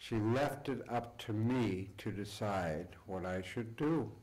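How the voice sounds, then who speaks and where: An older man giving an acceptance speech to an audience, telling stories from his upbringing in an unhurried, reflective way with pauses. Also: lowish voice, darkish tone, low-quality recording. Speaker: award recipient giving a speech. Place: event hall before an audience.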